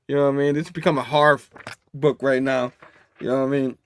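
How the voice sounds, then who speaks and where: A man hosting a casual comic book review, talking in an animated way, laughing often and acting out the dialogue. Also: mid-range voice, a little fast.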